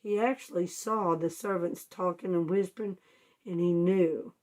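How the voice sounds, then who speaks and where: A woman's voice: lowish voice, steady tone, normal speed, a little mellow. A woman teaching children a Bible story in homespun, informal words, asking them questions and answering them herself. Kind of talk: storytelling Bible lesson for kids.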